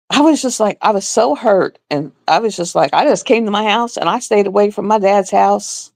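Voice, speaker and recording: A woman's voice: medium pitch, no echo. Middle-aged woman, nurse type, live-stream storyteller, emphatic and repetitive, swooping intonation, dry close sound. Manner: animated, emphatic, repeats words for effect.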